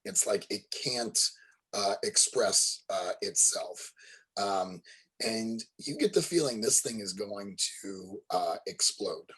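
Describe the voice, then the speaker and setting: Slow, husky game master. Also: male voice, lowish voice, expressive, a bit bright, low-quality recording. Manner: hesitant, full of ums and uhs. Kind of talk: narrating a tabletop game.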